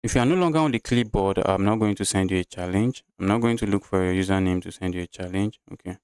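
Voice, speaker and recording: Chess streamer, male, Nigerian English accent, low smooth voice, chatty live commentary, dry close sound. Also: quick pace, darkish tone, dry recording. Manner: chatty, talks through moves and reads chat aloud.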